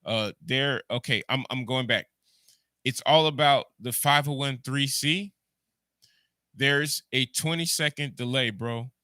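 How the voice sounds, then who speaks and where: A man's voice: medium pitch, a little slow, pushed and bright, smooth, no echo. A man with a Jamaican accent hosting a livestream, rambling through ideas, repeating words and answering his chat. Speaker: podcast host. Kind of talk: casual livestream commentary.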